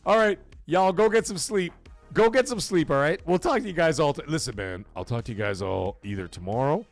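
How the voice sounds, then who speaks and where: A man hosting a late-night livestream, excitable and swearing a lot, getting out of breath as he swings from loud outbursts to low mumbling. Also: a little fast, faint music behind. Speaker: livestream host. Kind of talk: casual late-night stream chat.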